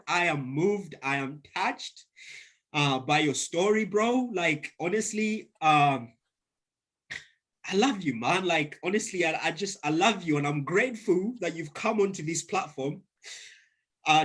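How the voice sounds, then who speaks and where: A man's voice: fairly high pitch, a bit bright. A man hosting a podcast, tearful and effusive, heaping repeated praise on his guest. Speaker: podcast host. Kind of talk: emotional interview wrap-up.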